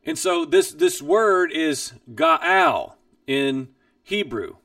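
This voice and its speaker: Earnest high-voiced, gravelly male Bible teacher. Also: huge pitch swings, very slow, a bit bright, no room sound, studio quality, recorded from a distance. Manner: earnest, emphatic. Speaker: Bible teacher and program host. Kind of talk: personal testimony teaching.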